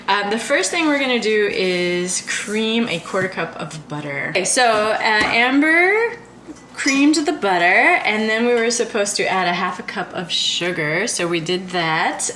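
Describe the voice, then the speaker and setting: A woman's voice: medium pitch, fairly bright tone, slight background noise. A woman hosting a home cooking video, chatting in a giggly, upbeat way. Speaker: home cooking vlog host. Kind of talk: casual chat while cooking. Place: home kitchen. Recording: echoey kitchen with clattering dishes.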